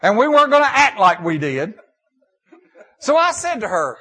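A man's voice: high-pitched, sing-song, moderate pace, bright, forceful tone, husky. An older man, a pastor, preaching a sermon in a folksy storytelling way, often repeating and restarting his phrases.

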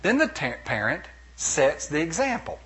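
A middle-aged pastor preaches with a husky, slightly raised voice that swoops up and down all the time. He is animated and playful, and he breaks into little acted-out quotes. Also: a little high, moderate pace. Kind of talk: sermon.

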